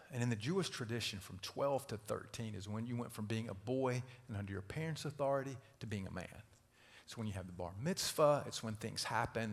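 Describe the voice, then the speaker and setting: A middle-aged man preaching a sermon as pastor. He tells stories in a conversational way, going from loud to hushed. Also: on the low side. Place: church auditorium. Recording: reverberant church hall.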